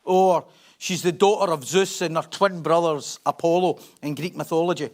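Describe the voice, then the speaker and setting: A middle-aged man preaches in a loose, conversational way, with a voice that sits noticeably high. He jokes at his own expense, tosses questions out to the congregation and slips between storytelling and reading Bible verses aloud. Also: normal speed. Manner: chatty, humorous, asks the congregation questions; animated storytelling, laughs at himself. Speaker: pastor.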